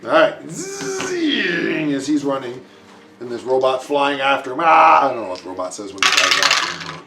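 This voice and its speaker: A man's voice: medium pitch, a little fast, recorded from a distance, very noisy. A man running a tabletop game as game master, patiently explaining rules and narrating combat. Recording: roomy echo.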